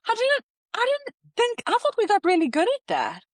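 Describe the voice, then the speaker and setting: A South African woman co-hosting a podcast, talking very fast and telling stories with animation. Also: very high-pitched, no echo. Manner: talks very fast, animated storytelling. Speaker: podcast co-host. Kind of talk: casual chat.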